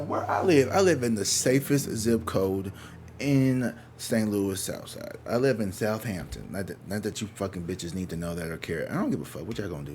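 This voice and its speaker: A man's voice: lowish voice, darkish tone, a little hiss or hum. A man giving a casual tarot reading at home, talking in a candid, profane, rambling way and breaking into exaggerated mocking voices when he quotes people. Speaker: tarot reader. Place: his own living room.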